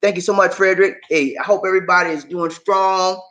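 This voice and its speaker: Hosting a casual livestream, a man with a high voice talks fairly quickly as he responds to viewers' comments. His manner is animated and preachy, and he often ends sentences with "man" and "y'all."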